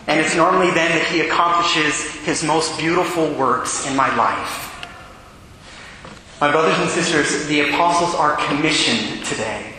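A man preaching a sermon as a priest, telling a personal story with lively acted-out quotes. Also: fairly high pitch, slight background noise. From California. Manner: animated storytelling, acts out quoted voices. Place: large church with long echo. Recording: echoey hall.

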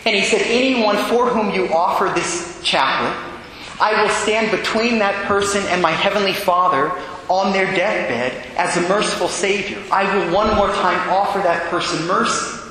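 Priest telling a story in an echoey church. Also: male voice, sits high, moderate pace, a little hiss or hum. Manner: earnest, drops to a hush for quiet moments. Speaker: Catholic priest. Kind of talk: storytelling sermon.

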